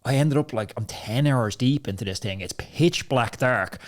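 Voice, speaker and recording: Guy hosting a podcast, chatty, laughs a lot, normal pitch. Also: normal speed. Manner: animated storyteller, laughs often. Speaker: podcast host. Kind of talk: casual chat.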